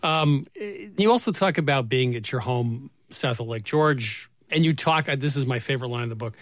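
A man interviewing a guest about her book, asking questions in a conversational, halting way. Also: medium pitch, animated, a bit bright, no echo, studio quality. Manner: conversational, hesitant restarts.

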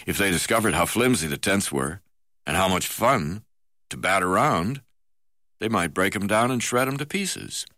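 A man with a very low voice reads a memoir aloud. His delivery is measured, with an occasional hesitation. The sound is close and dry, with no room around it. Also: animated, bright, forceful tone, no echo. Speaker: reader.

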